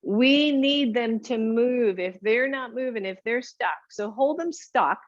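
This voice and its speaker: A woman yoga instructor leads a class with slow, unhurried cues and a fairly high voice. She is upbeat and encouraging, with playful asides. The sound is dry and a little dull. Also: dry recording.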